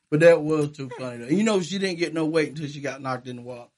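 Casting: man, high and husky, animated, laughing often, casual friends chat. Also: normal speed. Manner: laughing often, trading movie quotes. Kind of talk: casual chat quoting movie lines.

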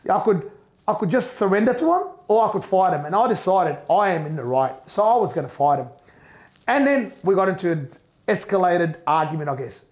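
A middle-aged man telling an emotional first-person story, animated, repeating and restarting as he goes. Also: high voice, fairly quick. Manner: animated, repeats and restarts, acts out quoted voices. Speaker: business owner telling his story.

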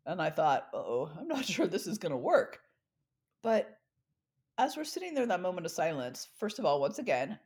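A middle-aged woman telling a personal story in a talk, expressive and acting out the dialogue she recalls. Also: lowish voice. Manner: expressive, acts out quoted dialogue. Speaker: speaker.

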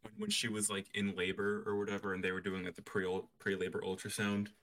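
A man's voice: on the low side, monotone, brisk, fairly bright tone. A young man co-hosting a casual podcast, rambling with frequent restarts and fillers. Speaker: podcast co-host.

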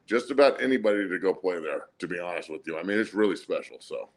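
A man with a gravelly, creaky voice talks bluntly about sports, heavy on profanity and slang. His delivery is relaxed and loose, like friends chatting on a podcast. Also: sits low, fast. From United States. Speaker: podcast host, former player. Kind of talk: casual chat.

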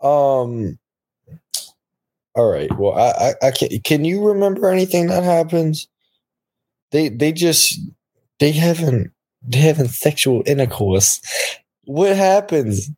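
A man in casual chat, rambling and halting as he recaps a show. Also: a little high, animated, a little mellow. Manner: rambling, halting, frequent laughs, profanity. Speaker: podcast co-host.

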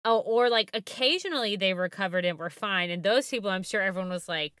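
Bright jokey woman podcast co-host. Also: mid-range voice, clean tone. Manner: jokey, animated, quick reactions. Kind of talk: casual history chat.

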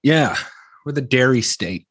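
A man's voice: medium pitch, lively intonation, measured pace, a bit bright, husky, no echo. A man from Wisconsin talks with a strong Midwestern accent and its hard R's. He co-hosts a podcast and chats casually, teasing and laughing often. The sound is dry and close, with no room around it. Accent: Wisconsin (Midwestern American). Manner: joking, laughs often, jumps into voices. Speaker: podcast co-host. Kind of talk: casual chat.

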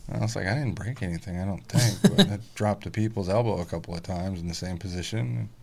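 A man in his thirties chatting casually as a podcast guest, telling family stories animatedly, swearing freely and mimicking squeaky kid voices. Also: fast talker, creaky, dark tone. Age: 30s. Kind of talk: casual chat.

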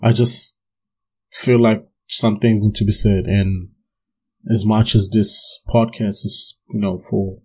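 Young man, low husky voice, rambling solo podcast rant with lots of cursing. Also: little pitch movement, slow pace, a bit bright, low-quality recording. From South Africa. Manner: swearing, laughing, rambling with many restarts. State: drinking gin while talking. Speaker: podcast host.

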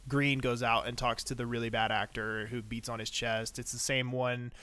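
A man's voice: mid-range voice, little pitch movement, normal speed, sharp tone. Guy cohost rambling about episodes, lots of likes, average voice. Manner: rambling, heavy on "like" fillers. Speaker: podcast co-host. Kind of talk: casual TV recap chat.

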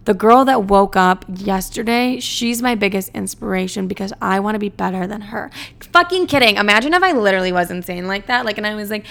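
Young woman, heavy fry, blunt and sweary, rambling vlog chat. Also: mid-range voice, fairly quick, a bit bright. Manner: blunt, profane, ranting, lots of "like". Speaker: comedian answering fan questions. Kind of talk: casual chat.

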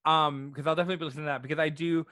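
A man's voice: fairly high pitch, fairly even intonation, very fast, pushed and bright, no room sound. A man hosting a podcast interview in a casual, chatty way, often restarting his sentences. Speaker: podcast host.

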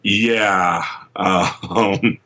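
Man from england, comic writer guest, rambling excited anecdotes, lowish voice, dull lo-fi audio. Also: extremely slow. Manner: rambling, excitable, many restarts and fillers, acts out quotes. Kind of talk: casual interview anecdotes.

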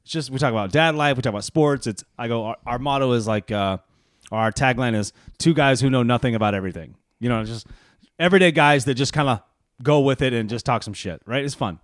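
A man's voice: mid-range voice, fast talker, no room sound, clean studio sound. A man, co-hosting a casual podcast, joking and teasing with frequent laughs. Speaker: podcast co-host. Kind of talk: casual chat.

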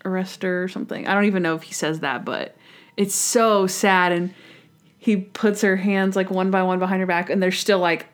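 A woman's voice: mid-range voice, fairly even intonation, moderate pace. A woman co-hosting a casual chat about a TV episode, talking with enthusiasm and acting out characters' lines in changing voices. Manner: enthusiastic, acts out quotes in shifting voices. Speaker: podcast co-host.

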